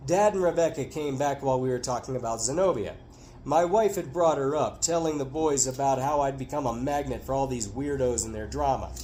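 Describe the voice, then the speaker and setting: A man's voice: mid-range voice, lively intonation, normal speed, a little mellow, slight background noise, rough recording. A middle-aged man reading aloud from his own memoir, acting out the characters' lines with big jumps in his voice.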